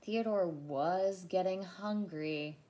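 A woman childcare teacher reading a picture book aloud to young children in an expressive storytelling voice. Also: on the low side, takes it slowly.

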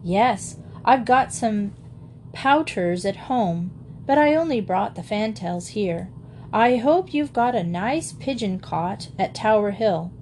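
A woman doing a brisk, confident little boy. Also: mid-range voice, a little hiss or hum. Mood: excited. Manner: brisk, excited, self-assured. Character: small, confident boy visitor fussing over pets.

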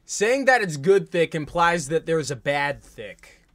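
A woman's voice: low voice, very animated, unhurried, no echo. A woman hosting a reaction video, making dry, sarcastic comments between clips.

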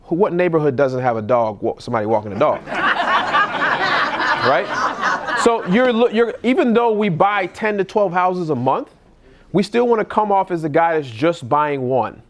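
A man, a real estate investor, giving casual seminar talk at a live event and acting out phone scripts in a lively voice. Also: moderate pace. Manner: animated, acts out calls in a higher voice.

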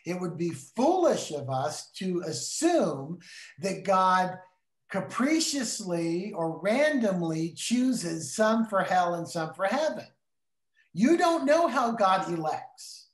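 A man's voice: high-pitched, very animated, takes it slowly. A middle-aged man teaching in a casual Bible discussion, earnest and emphatic like a preacher. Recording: roomy echo.

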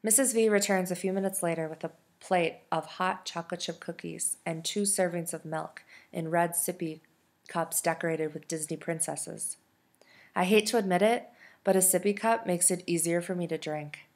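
Woman reading a novel aloud softly. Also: lowish voice, steady tone, normal speed. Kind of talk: audiobook narration.

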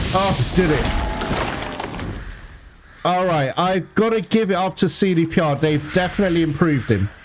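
A fairly high-voiced man gives live commentary on his gameplay, often breaking into excitable, panicked exclamations. His voice sits over a clear layer of noise and game ambience. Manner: excitable, panicky outbursts and laughter mid-fight. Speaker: let's play gamer.

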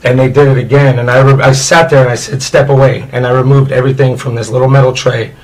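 A man's voice: medium pitch, level tone, fast, low-quality recording. A man from Indiana telling his life story as an interview guest, rambling and candid, with many "you know" fillers.

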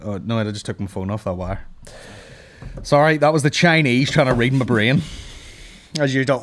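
A podcast host with a mid-range voice rants casually and fast on his comedy podcast, swearing plenty and laughing at his own jokes. There's no echo.

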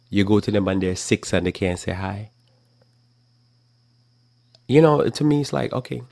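A man's voice: on the low side, vocal fry, a little mellow, dry recording. A middle-aged man teaching the Bible in a conversational sermon, acting out little exchanges as he preaches. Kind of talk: live talk program sermon.

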